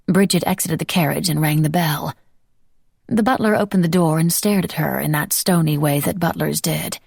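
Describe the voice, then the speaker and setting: Brief: audiobook narrator, woman, gravelly texture, dry close sound. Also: fairly low pitch, a little mellow, no room sound.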